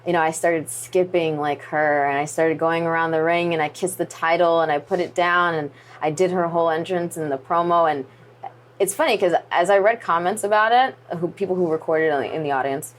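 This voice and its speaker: A woman's voice: lowish voice, fairly quick. A woman wrestler as an interview guest, telling a story in casual chat with lots of "like" and "you know". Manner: animated, acts out quoted voices; many fillers like "like" and "you know".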